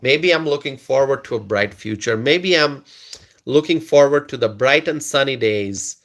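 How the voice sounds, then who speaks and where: A man hosting a casual political live stream, chuckling often as he talks. He stumbles over and repeats words as he reads viewer comments aloud, in a voice of middle pitch. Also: expressive, normal speed, fairly bright tone. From United States.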